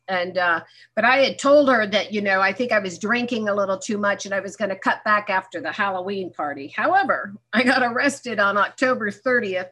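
Bright-voiced woman telling her story frankly. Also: medium pitch. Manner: frank storytelling, acting out remembered dialogue with self-mocking humor. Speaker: speaker sharing her story at a recovery meeting. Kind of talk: candid personal testimony.

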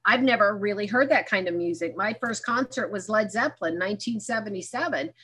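A woman's voice: medium pitch, fairly quick, bright, forceful tone, husky. A woman speaking at a recovery meeting, telling her own story frankly and acting out remembered dialogue with self-mocking humor. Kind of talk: candid personal testimony.

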